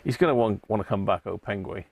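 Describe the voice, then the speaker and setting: A man's voice: on the low side, quick pace, vocal fry, a little mellow, husky, dry recording. A man hosting a casual livestream, chatting with viewers and greeting them by name, laughing often. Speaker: livestream host. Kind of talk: casual live chat with viewers.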